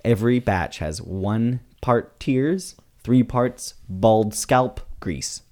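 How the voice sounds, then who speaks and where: A man from Canada co-hosting a comedy sports podcast, trading wry, deadpan quips. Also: medium pitch, takes it slowly. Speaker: podcast co-host. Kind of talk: casual comedic chat.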